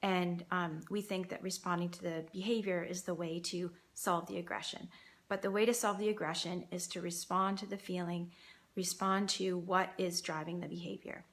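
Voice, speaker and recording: A woman's voice: on the low side, little pitch movement, moderate pace, fairly bright tone. A woman parenting coach giving earnest, reassuring advice straight to her viewers. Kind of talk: direct-to-camera advice talk.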